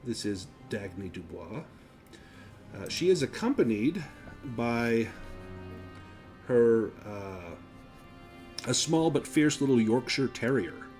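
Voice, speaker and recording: Unhurried male game master. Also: medium pitch, sing-song, darkish tone, faint music behind. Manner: descriptive and unhurried, pausing with fillers. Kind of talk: narrating a tabletop role-playing game.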